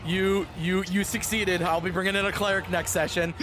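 A man's voice: sits high, level tone, normal speed, music in the background, rough recording. A man playing a tabletop role-playing game, joking and stumbling over his words. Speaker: player. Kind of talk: casual tabletop play.

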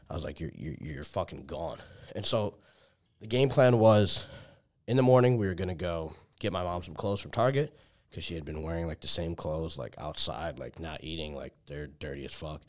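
A young man with a deep, darkish-toned voice speaks at normal speed, recounting a long personal story casually. He uses "like" constantly, swears, restarts, and often performs what people said as quoted dialogue.

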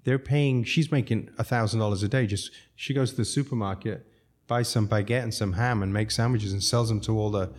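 A man's voice: lowish voice, steady tone, brisk, few pauses, a little mellow. A man from South Africa, a restaurateur guest, telling long rambling stories with frequent chuckles. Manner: rambling, chuckles often, self-interrupting. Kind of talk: casual storytelling.

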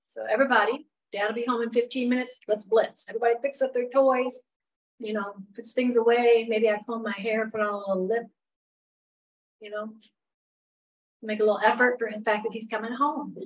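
A woman's voice: fairly high pitch, fairly even intonation, moderate pace. Middle-aged woman, leading a women's Bible lesson; candid and conversational, recorded from a little way off the mic. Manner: chatty, candid, lots of "you know" asides. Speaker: women's Bible study teacher. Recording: voice a bit far from the mic.

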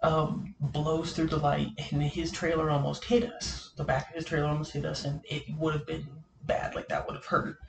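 A man's voice: fairly high pitch, little pitch movement, moderate pace, vocal fry, few pauses. A young man hosting a casual podcast, telling a rambling story with lots of fillers and laughs. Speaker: podcast host. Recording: echoey room with faint noise.

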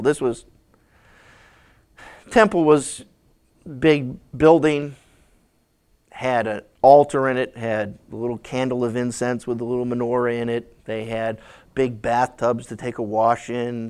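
A male pastor teaching in a conversational sermon, animated and storytelling. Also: medium pitch, smooth.

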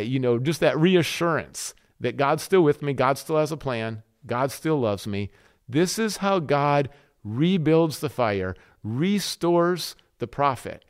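A man's voice: fairly high pitch, smooth. A man hosting a faith podcast, preaching in an earnest sermon style with repeated rhetorical questions.

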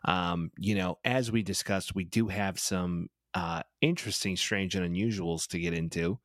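A man's voice: low voice, moderate pace, no echo, clean studio sound. A man co-hosting a sports podcast in a crude, rambling, joking way. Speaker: podcast co-host. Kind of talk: casual sports podcast chat.

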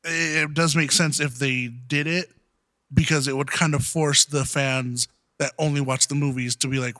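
Male podcast co-host, bright tone, dry mic, blunt and casual, trips over words. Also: a little high, fairly even intonation, moderate pace, no echo. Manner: frank, swears freely, stumbles over words. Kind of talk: casual chat.

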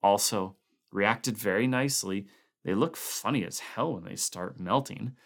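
A man reading a steady, precise expedition man. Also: fairly low pitch, measured pace, gravelly. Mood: level. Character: calm, precise male expedition member.

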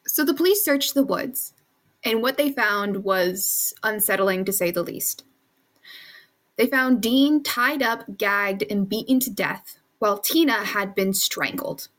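A woman co-hosting a podcast, reading out case details in steady, measured narration. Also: mid-range voice. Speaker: podcast co-host presenting the case.

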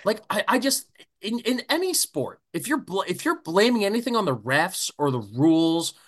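A man's voice: high voice, very animated, moderate pace. A man co-hosting a sports podcast, delivering a heated, profane rant. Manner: profane, fired-up ranting. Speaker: podcast co-host.

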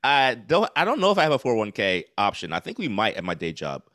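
A man's voice: on the low side, wildly swooping pitch, rapid-fire, fairly bright tone, no echo. A man in his forties, a comedian guest chatting candidly and rambling with fillers, laughing easily. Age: 40s. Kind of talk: casual podcast chat. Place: New York City.

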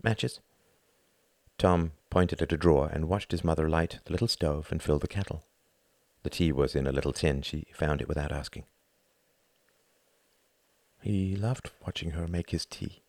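A man narrating a novel as an audiobook in a measured, expressive reading. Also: very deep voice, no room sound.

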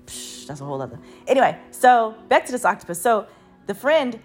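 A young woman vlogger telling a personal story in a casual, animated way, laughing often and swearing freely. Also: on the high side, a little fast, faint music behind.

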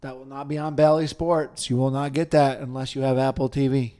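A man co-hosting a sports podcast in casual chat, loose in manner, swearing now and then and dropping into quiet asides. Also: mid-range voice, level tone, a little fast, smooth. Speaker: podcast co-host.

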